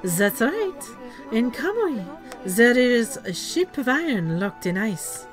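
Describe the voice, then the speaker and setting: A woman's voice: fairly high pitch, sing-song, soft background music. A woman voicing a smug, theatrical male prophet with a put-on French accent. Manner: slow, suave, mock-elegant.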